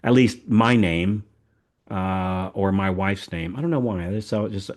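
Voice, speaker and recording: Older man from the American South hosts a podcast in a loose, folksy chat. His voice sits a little low, and he rambles with lots of repeated words and restarts. The talk stays easygoing throughout. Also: unhurried, a little mellow. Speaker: podcast host. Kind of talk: casual chat.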